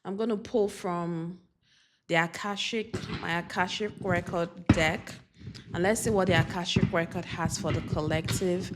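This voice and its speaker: A woman's voice: fairly low pitch, steady tone, very noisy. A woman doing a spiritual oracle card reading, speaking earnestly and repeating affirmations. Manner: slow, repetitive, earnest affirmations.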